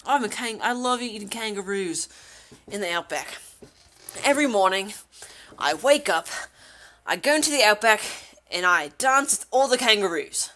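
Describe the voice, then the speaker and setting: Woman doing a hammy fake Australian bloke, jokey, exaggerated, bright. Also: medium pitch, big pitch swings, rapid-fire, pauses often, breathy edge, exaggerated voice. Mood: silly. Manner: jokey exaggerated put-on accent. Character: goofy over-the-top fake Australian bloke.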